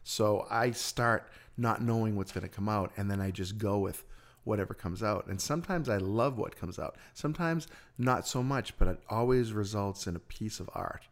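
A man's voice: lowish voice, normal speed. A man hosting a podcast, chatting casually in an upbeat way, with frequent stammers and easy laughter. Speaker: podcast host. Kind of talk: casual chat.

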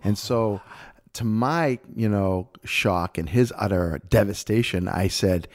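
A man co-hosting a podcast in casual chat, telling animated stories and acting out the quoted lines. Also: on the low side, takes it slowly. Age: adult. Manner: animated storyteller, acts out quotes. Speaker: podcast co-host.

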